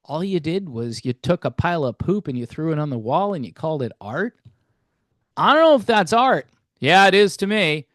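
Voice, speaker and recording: A man's voice: on the high side, big pitch swings, moderate pace, a bit bright, no echo. Folksy, rambling man host, tight dry sound. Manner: self-deprecating, rambling, folksy. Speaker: album reviewer, channel host. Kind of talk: casual spoken review.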